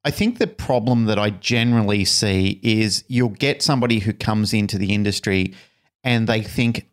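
Male podcast co-host, lower voice, reflective, acts out the people he quotes. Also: normal speed. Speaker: podcast co-host, dog trainer. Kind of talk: casual conversational podcast chat.

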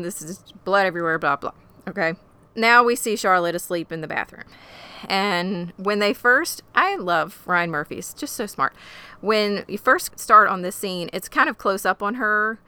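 A woman co-hosting a casual podcast, recapping a TV episode with animated, profane, emotional reactions. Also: medium pitch, normal speed, smooth. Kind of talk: casual chat.

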